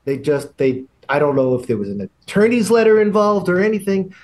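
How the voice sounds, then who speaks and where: A man, a guest on a podcast, telling insider anecdotes in a measured, unhurried way with small hesitations. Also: sits high, very animated, darkish tone. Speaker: podcast guest, guitar industry veteran. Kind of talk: casual interview chat.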